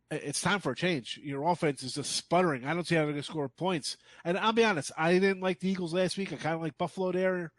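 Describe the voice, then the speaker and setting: A man's voice: on the high side, a bit bright, no room sound. A man giving sports betting picks as a guest handicapper, speaking bluntly and emphatically with scorn.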